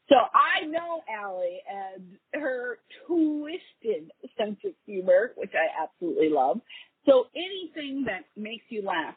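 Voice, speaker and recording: A woman's voice: on the high side, husky, no room sound. A woman hosting a call-in advice show, chatting casually and laughing easily as she answers questions. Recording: tinny phone-like dry line.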